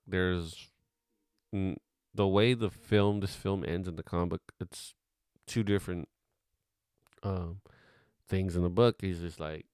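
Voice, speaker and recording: A man's voice: low voice, creaky, clear, resonant tone, no room sound, studio quality. A man giving a casual, rambling film commentary as host, offhand and swearing now and then.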